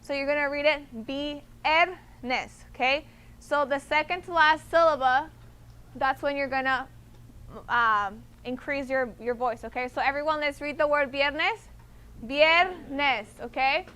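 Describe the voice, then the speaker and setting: A woman's voice: high-pitched, fairly even intonation, normal speed, pushed and bright. A woman teaching a Spanish class to students, patient and explaining step by step, often checking in with "okay?". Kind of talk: classroom instruction.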